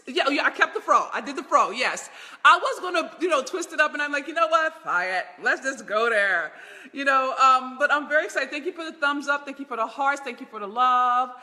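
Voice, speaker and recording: A woman's voice: high-pitched, sharp tone, long reverb tail. A middle-aged woman hosting a live stream as a business mentor, laughing often and greeting viewers by name from a large room in her home. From Baltimore.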